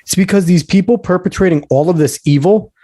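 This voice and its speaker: Emphatic, dark-voiced man host. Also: high voice, a little fast, dry recording. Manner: heated, emphatic ranting; history lecturing. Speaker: podcast host. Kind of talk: casual podcast talk.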